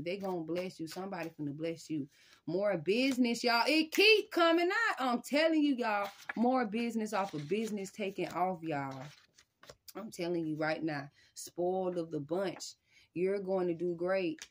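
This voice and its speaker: Lower-voiced woman, tarot reader, emphatic and repetitive, slangy delivery. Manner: emphatic, repeats "y'all" and "I'm telling you"; casual, slangy, with sudden loud high bursts. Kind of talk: spiritual reading monologue.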